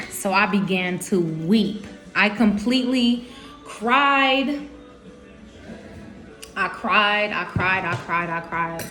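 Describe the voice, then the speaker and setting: Slow, candid woman vlogging at home. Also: medium pitch, a bit bright, faint music behind. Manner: candid, emotional, informal with slangy quoted speech. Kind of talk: personal storytelling to camera.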